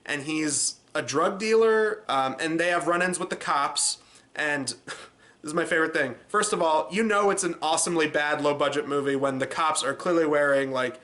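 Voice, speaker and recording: A man reviewing a low-budget movie in a casual, sarcastic, rambling way. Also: normal speed, pushed and bright.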